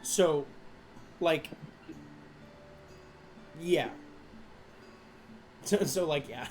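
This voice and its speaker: A man's voice: on the high side, very slow, slight background noise. A man narrating as game master of a tabletop game, rambling with lots of fillers. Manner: rambling, filler-heavy, laughs often.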